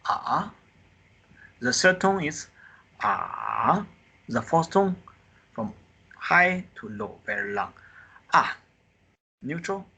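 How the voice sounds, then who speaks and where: A man teaching a beginner Mandarin class on a video call, acting out the four tones with drawn-out sighs, in simple non-native English. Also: fairly high pitch, very animated, sharp tone, slightly rough. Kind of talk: live online group lesson. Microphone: computer mic on a video call.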